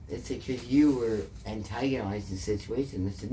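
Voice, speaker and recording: A woman's voice: very deep voice, expressive, a little fast, few pauses, a little hiss or hum. A woman with a Canadian accent, telling an emotional story in a casual interview, swearing often and repeating herself. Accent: Canadian English.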